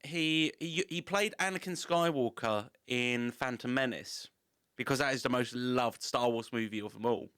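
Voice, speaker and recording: A man's voice: medium pitch, moderate pace, fairly bright tone, smooth, no room sound, studio quality. A man, hosting a podcast in casual chat, swearing and joking. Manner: sweary, laughing banter. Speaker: podcast host.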